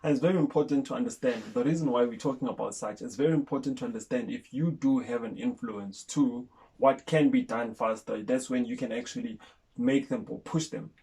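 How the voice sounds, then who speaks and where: A man's voice: mid-range voice, brisk, warm tone, slightly rough. A man from South Africa co-hosting a casual chat, speaking earnestly about property deals he has gone through himself. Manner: earnest, shares own experiences. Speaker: co-host.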